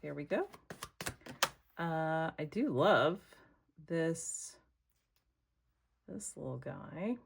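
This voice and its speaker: An American woman talks her viewers through a craft project in a relaxed, unhurried way. Her voice sits a little low, and she chats as if to friends, thinking aloud and calling them y'all. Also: creaky, noisy background. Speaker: craft vlogger. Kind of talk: casual crafting chat to camera.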